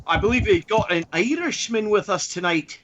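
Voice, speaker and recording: A man's voice: expressive, normal speed, fairly bright tone, a little hiss or hum. A man co-hosting a comics podcast over a video call, with theatrical, grandiose introductions. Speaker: co-host. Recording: muffled low-fidelity audio.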